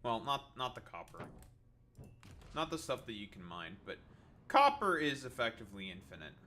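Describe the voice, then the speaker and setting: A young male streamer chatting over his game in a loose, profane rant, with his pitch jumping all over the place. His voice is bright and cutting. A faint hiss of background noise runs underneath. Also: normal speed. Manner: profane, excitable, breaks into laughter, rants. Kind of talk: casual gaming stream chat.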